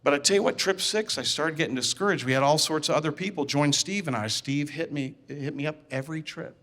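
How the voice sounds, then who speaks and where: In a large, reverberant hall, a man tells an audience a personal story, animatedly acting out dialogue and repeating words. His voice is a little high and his pace brisk.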